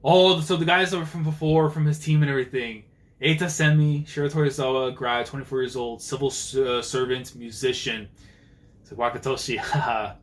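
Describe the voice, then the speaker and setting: A young man reading a manga chapter aloud and reacting live, excitable and slangy, often acting out the characters' lines. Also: mid-range voice, moderate pace.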